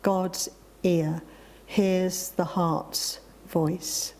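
A woman preacher reading a reflective story and moving into a sermon, gentle and with emphatic exclamations. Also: fairly low pitch, little pitch movement, drawn-out words, slight background noise.

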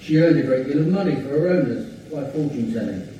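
A man from the congregation reading a scripture passage aloud in a steady, plain way. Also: mid-range voice, fast, distant mic, muffled recording, slight background noise. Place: church. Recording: roomy, from off-mic in a church.

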